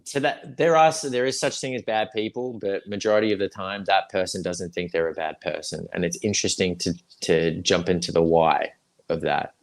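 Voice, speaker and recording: A man's voice: sits low, normal speed. A young adult man, a guest actor chatting casually on a livestream, rambling with lots of fillers and restarts.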